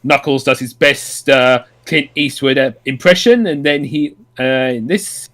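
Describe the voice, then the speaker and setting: A man's voice: medium pitch, unhurried, a bit bright. A man casually recapping a story on a podcast, rambling with lots of ums, uhs and restarts. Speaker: podcast co-host.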